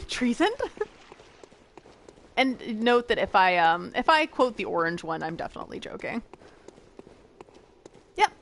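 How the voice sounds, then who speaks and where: A woman's voice: medium pitch, very animated, a little slow, pauses often, a bit bright. A young American woman streaming a game, chatting casually with viewers in a giggly, rambling way. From United States. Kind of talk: casual gameplay chat with viewers.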